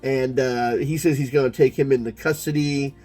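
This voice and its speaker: Male comics reviewer with a mellow, slightly high voice, chatty and joking, faint music underneath. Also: fairly even intonation, moderate pace. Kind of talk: casual commentary while reading a comic.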